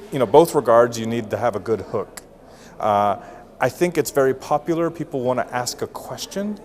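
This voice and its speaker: A man in his thirties who teaches English at university, answering interview questions about giving speeches in a relaxed, explaining way. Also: mid-range voice. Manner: casual, explanatory, with fillers and restarts. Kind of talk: interview answers on public speaking.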